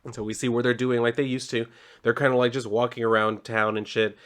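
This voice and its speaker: A man's voice: medium pitch, flat delivery, fast talker, a bit bright. Rambling man recapping a comic. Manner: loose and rambling, heavy filler "like", casual swearing. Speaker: comic book reviewer.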